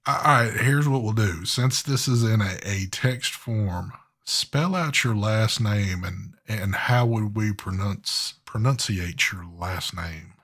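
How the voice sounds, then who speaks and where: A man's voice: on the low side, slow pace, a bit bright. A man hosting a live online show in casual chat, talking in an easygoing, drawling way with frequent fillers. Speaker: host of a live vape show.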